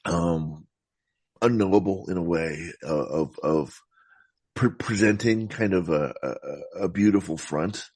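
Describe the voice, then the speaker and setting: A man talking about films as a podcast guest, in a thoughtful, meandering way with frequent halting restarts. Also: low-pitched, darkish tone, slightly rough, no room sound. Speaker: podcast guest, film critic. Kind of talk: casual film discussion.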